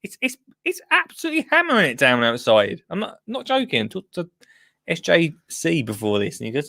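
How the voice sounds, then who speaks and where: A man's voice: on the high side, huge pitch swings, fairly quick, gravelly, bright, forceful tone, no echo, studio quality. A man hosting a live call-in show, chatty and jokey, greeting viewers by name. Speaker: host.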